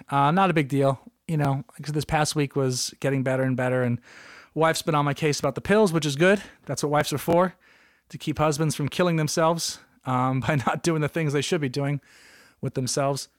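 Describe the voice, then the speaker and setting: A man with a slightly high voice hosts a comedic solo podcast. He rambles through stories full of asides and jokes, recorded close and dry with no room sound. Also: dry recording. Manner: rambling, jokey, animated, with frequent asides. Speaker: podcast host.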